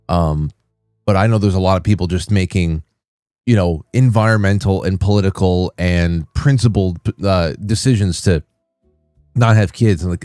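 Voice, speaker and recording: A man hosting a livestream, telling a rambling, animated story in casual chat. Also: deep voice, no echo, clean studio sound. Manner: rambling, animated, many restarts. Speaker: livestream host.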